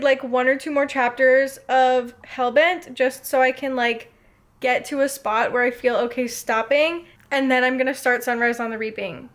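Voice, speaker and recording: A young woman talks straight to camera in a casual book vlog, her voice sitting high. She gushes and gets carried away easily, dropping swear words freely. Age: young adult. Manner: excitable, gushing, swears freely. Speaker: book vlogger.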